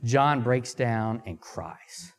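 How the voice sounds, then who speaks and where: A man preaching a sermon, reading scripture aloud and pausing to ask the congregation questions, with Amharic as his first language. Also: mid-range voice, expressive. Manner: slow, deliberate pacing with emphatic pauses. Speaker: missionary preacher.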